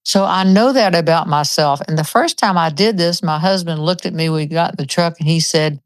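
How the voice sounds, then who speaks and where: Host, seventies, female: lowish chatty voice, dry close sound, storyteller who acts out quotes. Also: normal speed, hardly any pauses, no room sound. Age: 70s. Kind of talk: casual chat.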